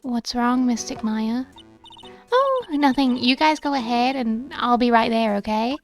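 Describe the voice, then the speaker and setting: Earnest, polite young girl, as a woman streamer reads her; high and gentle. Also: lively intonation, a little slow, creaky, faint music behind. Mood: concerned.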